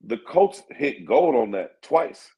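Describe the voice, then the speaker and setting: A man's voice: medium pitch, big pitch swings, slow pace, mellow, highs cut off. A man co-hosting sports radio, laid-back and thinking aloud with plenty of fillers. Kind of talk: casual sports talk.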